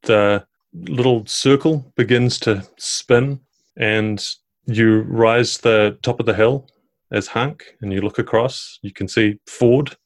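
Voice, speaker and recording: New man narrating a tabletop game. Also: mid-range voice. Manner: measured storytelling narration. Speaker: dungeon master.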